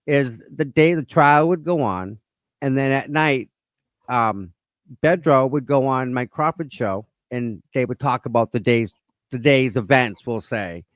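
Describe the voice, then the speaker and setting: A man's voice: medium pitch, measured pace, no room sound, clean studio sound. A man co-hosting a livestream with a Boston accent, laid-back and teasing in casual chat. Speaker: co-host.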